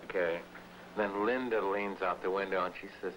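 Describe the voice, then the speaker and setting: A man's voice: low-pitched, brisk, fairly bright tone, slight background noise, low-quality recording. A man telling a rambling, profane story in slangy talk, acting out the voices of the people in it. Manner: gruff, slangy, acts out quoted voices. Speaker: writer being filmed at home.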